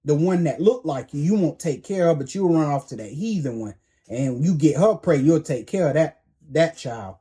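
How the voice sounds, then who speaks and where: A man's voice: a little high, warm tone. A man preaching a sermon in a blunt, confrontational way, hammering home repeated commands in slangy everyday speech.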